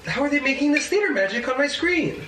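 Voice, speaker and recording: A woman's voice: high voice, animated, quick pace, far from the mic. A woman co-hosting a comedic chat, chiming in with dry, teasing remarks. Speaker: co-host. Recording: echoey room, off-mic, faint noise.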